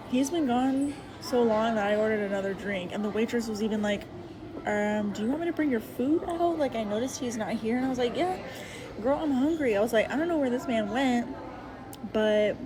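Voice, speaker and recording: A woman's voice: fairly high pitch, background noise. A woman venting casually at a restaurant table, exasperated and swearing. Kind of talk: casual vlog rant.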